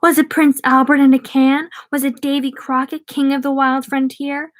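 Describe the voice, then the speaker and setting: A woman's voice: flat delivery, moderate pace, lightly acted. A woman reading aloud, voicing a cruel, shrieking clown monster that taunts a boy. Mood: taunting. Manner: shrill, mocking taunts.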